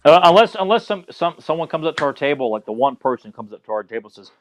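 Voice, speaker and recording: A man's voice: on the high side, sing-song, quick pace. A man co-hosting a casual podcast chat, telling a rambling, profane story with stammers and restarts. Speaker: podcast co-host.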